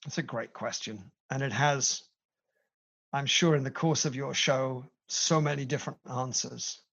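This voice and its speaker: Middle-aged British executive guest, lively storyteller, gravelly tone on a muffled line. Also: male voice, mid-range voice, a little slow. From Britain. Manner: animated storyteller, playful asides. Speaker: company CEO, guest. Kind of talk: conversational interview.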